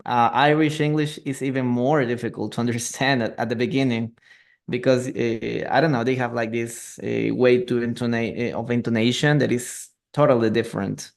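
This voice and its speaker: A man's voice: medium pitch, vocal fry. Upbeat male teacher on a live stream. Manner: encouraging, exclamatory, hesitant restarts. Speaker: English teacher hosting a live reading class.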